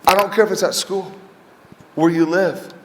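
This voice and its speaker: A man giving a motivational talk to a school assembly, telling stories dramatically and swinging between loud and hushed. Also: high voice, fairly even intonation, normal speed, noisy background. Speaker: motivational speaker. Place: large school hall. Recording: echoey hall, faint ambience.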